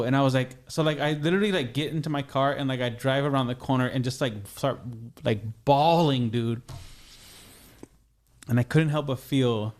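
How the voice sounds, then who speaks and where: A man's voice: medium pitch, moderate pace. Rambling young man telling a story. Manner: rambling, heavy on "like" and restarts. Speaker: podcast guest. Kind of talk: casual storytelling.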